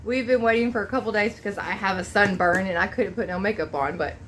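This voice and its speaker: A woman's voice: medium pitch, quick pace, fairly bright tone, slight background noise. A woman hosting an unboxing vlog, gushing and exclaiming, emotional and close to tears. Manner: bubbly, gushing, exclaims often. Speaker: vlog host.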